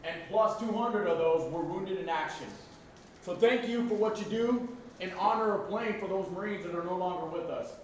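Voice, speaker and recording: A Marine veteran from Arizona speaks to a football team in a high, plain, measured voice. He sounds far from the mic, with strong echo around him. A faint hiss of noise runs beneath. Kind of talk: speech to a team.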